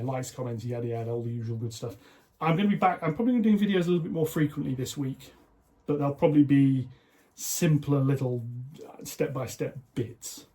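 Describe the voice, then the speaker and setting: Mellow-voiced man narrating his workshop. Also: mid-range voice. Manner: chatty, self-deprecating, many fillers. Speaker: model railway hobby vlogger.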